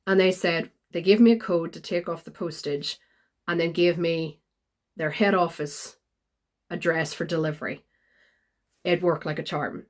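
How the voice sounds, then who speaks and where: A woman, chatting casually in a vlog and retelling a story with lively quoted voices. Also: lowish voice, a little slow, long pauses. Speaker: vlogger.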